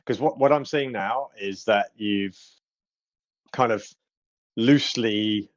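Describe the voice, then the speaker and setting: GM, lowish voice, lots of ums, dry lo-fi call audio. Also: male voice, no room sound. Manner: halting, full of ums and restarts. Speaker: game master. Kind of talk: narrating a tabletop game.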